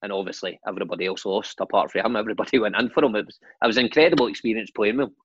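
A husky-voiced Scottish man in his forties spins lively, laughing football stories. His voice sounds dry and close, with a slightly dull, lo-fi tone. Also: lowish voice, very fast, dry recording. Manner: animated anecdotes, laughing and swearing. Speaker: guest, former footballer and manager. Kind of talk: casual storytelling chat.

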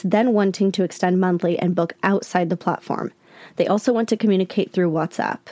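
A woman's voice: mid-range voice, mellow, no room sound. A woman hosting a podcast, talking candidly and with exasperation straight to her listeners. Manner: candid, exasperated, addresses listeners as "you guys". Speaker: podcast host. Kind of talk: casual podcast commentary.

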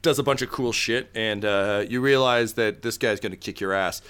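Game master, man, smooth clear voice, lowish, rambling narration. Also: normal speed, fairly bright tone. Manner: rambling, many fillers.

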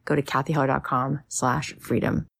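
A woman's voice: very deep voice, little pitch movement, moderate pace, creaky, fairly bright tone, husky, no room sound, clean studio sound. A woman hosting a podcast, reading an earnest, encouraging intro and a plug for her workshop. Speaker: podcast host. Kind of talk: scripted intro and ad read.

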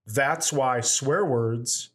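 A man's voice: medium pitch, extremely slow, fairly bright tone. A man co-hosting a comedy podcast, telling rambling stories in casual chat and acting out the voices of people in them. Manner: rambling storyteller, acts out quotes. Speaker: podcast co-host.

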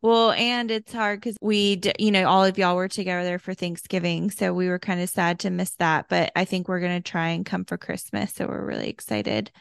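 A woman co-hosting a podcast in casual chat, chatty and quick to laugh, acting out the voices of people she quotes. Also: lowish voice, steady tone, creaky, smooth, no echo. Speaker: podcast co-host.

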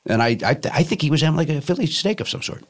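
Animated fast-talking Chicago man. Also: on the high side. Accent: South Side Chicago. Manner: rambling in-character storytelling with many restarts. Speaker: comedy podcast guest. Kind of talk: improvised comedy banter.

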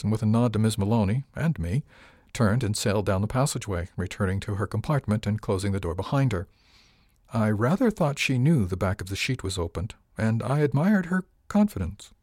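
A man narrates a first-person audiobook in an even, wry voice that sits on the low side. The sound is dry and close, with no room in it. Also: no room sound.

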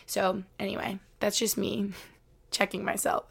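Twenty-something woman rambling on her podcast, lots of "like", gravelly fry in her voice. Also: mid-range voice, level tone, measured pace, fairly bright tone. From Albany, New York. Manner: rambling, chatty, lots of 'like'. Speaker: podcast host. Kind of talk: casual solo podcast chat. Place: her bedroom, sitting on the floor.

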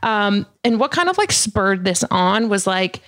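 A woman hosting a podcast chats casually in a chatty, open way, saying "like" a lot. Her mid-range voice is fairly bright with big pitch swings, and she speaks a little slowly.

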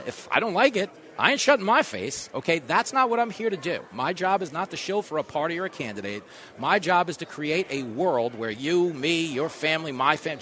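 A man hosting a talk radio show live from an event, riffing through a comedic monologue with big swings in loudness. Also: fairly high pitch. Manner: fast joking riffs, big swings in loudness.

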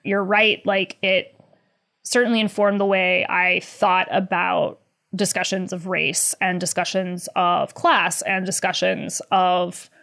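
Animated, chatty woman journalist. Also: lowish voice, slow, vocal fry. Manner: animated, many "like" fillers, sarcastic laughs. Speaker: journalist guest. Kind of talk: conversational interview.

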